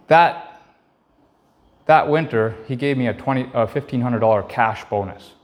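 A man's voice: mid-range voice, normal speed. A man in his thirties preaching to young men in church, telling a personal story and emphatically repeating key phrases.

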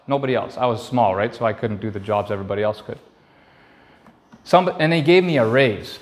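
A man's voice: lowish voice, fairly quick. A man in his thirties preaching to young men in church, telling a personal story and emphatically repeating key phrases.

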